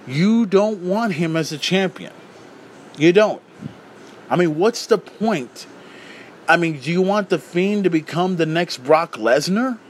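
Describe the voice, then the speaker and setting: A man's voice: high-pitched, a bit bright, slight background noise. A man hosting a podcast, giving a heated, opinionated rant with incredulous questions and stumbling restarts. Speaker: podcast host.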